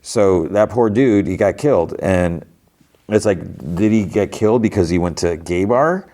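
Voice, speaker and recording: A man's voice: fairly low pitch, normal speed, mellow. A man hosting a podcast, casually recapping an episode in a rambling way, full of fillers and restarts. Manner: rambling, filler-heavy retelling with many restarts. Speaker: podcast host.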